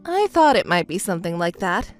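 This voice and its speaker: A woman's voice: fairly low pitch, sing-song, brisk, soft background music. A woman narrating a text story as the wronged wife, with an indignant, scolding manner.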